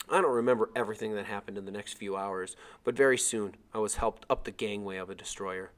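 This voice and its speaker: A man reading a chapter of a novel aloud as narrator, with expressive storytelling. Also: fairly low pitch, fast.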